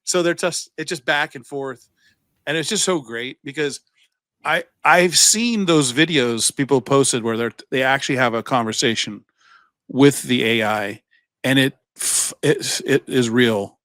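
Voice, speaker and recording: A man of middle pitch co-hosts a casual chat show, wandering through anecdotes and acting out what others said. He swears freely and laughs as he goes. His voice sounds close and dry, with no room around it. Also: unhurried, a bit bright, no room sound. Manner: rambling storyteller, acts out quoted voices, swears, laughs often. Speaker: podcast co-host.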